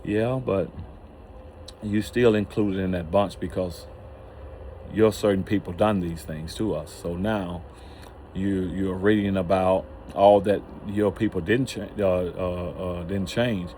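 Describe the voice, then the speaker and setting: Low-voiced man, halting preaching talk. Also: fairly even intonation, mellow, slight background noise. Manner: halting, many restarts and fillers. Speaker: channel host. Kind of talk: casual religious teaching talk.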